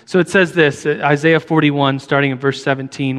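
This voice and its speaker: A man preaching a sermon as a pastor, earnest and halting, often restarting his sentences. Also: on the high side, fairly even intonation, a bit bright, long reverb tail.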